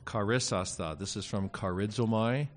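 Deep-ish guy teaching greek grammar, lots of uhs and ums, dry little jokes. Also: normal speed, a little hiss or hum. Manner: hesitant, many fillers, wry asides. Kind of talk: classroom lecture on Greek grammar.

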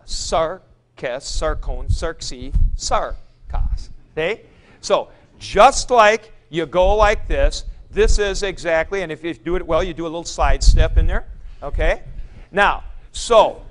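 Male Greek teacher, middle-aged, slow and clear, patient classroom lecture, a bit higher voice. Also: a bit bright. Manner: patient, explanatory, demonstrative.

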